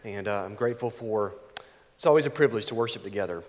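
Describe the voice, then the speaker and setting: A man's voice: on the low side, fast talker, a little mellow. A male pastor with a stuffy, nasal voice from a cold, preaching a sermon with chatty asides and frequent fillers. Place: church sanctuary. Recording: long reverb in a church hall.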